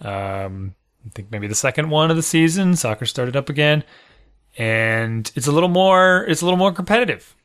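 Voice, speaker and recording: A man's voice: on the high side, expressive, normal speed, fairly bright tone, clear, resonant tone. A man in his thirties, a podcast co-host talking casually in a rambling, self-deprecating way with frequent restarts. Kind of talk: casual chat.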